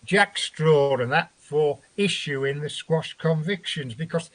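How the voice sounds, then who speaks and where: A man's voice: fairly high pitch, slow, fairly bright tone. A man, a guest telling a long story in a rambling, profane way and acting out what others said. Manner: rambling, profane, acts out quotes. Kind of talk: animated storytelling in a chat show.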